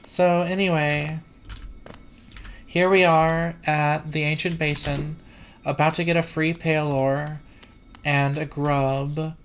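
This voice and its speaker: Speaking slowly and flatly in a deep voice, this woman is practicing a trained feminine voice while hosting a let's play. Her live gameplay commentary is rambling, profane and self-mocking, caught on a desk computer mic along with keyboard clicks and room noise.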